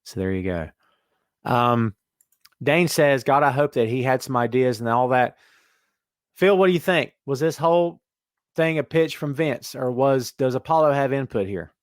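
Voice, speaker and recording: A man hosting a casual wrestling podcast, talking in an animated way and reading listener comments aloud. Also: medium pitch, moderate pace, no room sound, clean studio sound. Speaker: podcast host.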